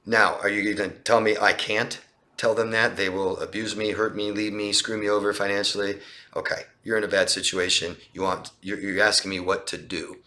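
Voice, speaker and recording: A man coaching viewers through a live Q&A, with a bright, forceful voice. He talks emphatically, firing off rhetorical questions and pressing his points home. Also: fairly low pitch, level tone, normal speed. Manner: emphatic, rhetorical questions, acts out quoted lines in a raised voice.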